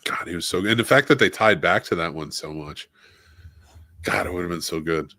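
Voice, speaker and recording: A man's voice: low voice, brisk, bright, forceful tone, no echo, clean studio sound. A man co-hosting a film podcast in casual chat, enthusiastic and stopping often for "uh". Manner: enthusiastic, listy, many "uh" fillers. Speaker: podcast co-host.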